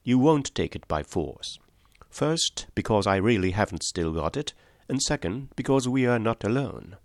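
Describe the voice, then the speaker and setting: A man's voice: on the low side, very animated, normal speed, no echo, clean studio sound. Man reading as Father Brown, mild little priest. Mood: calmly firm. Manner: simple, gently apologetic. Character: small, mild rustic priest, adult man.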